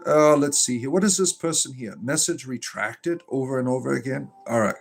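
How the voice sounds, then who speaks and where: A man's voice: medium pitch, moderate pace, gravelly, faint music behind. A man casually livestreaming, reading viewer comments aloud and rambling, with many fillers, restarts and dry, dismissive asides. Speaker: livestreamer and spiritual entertainer.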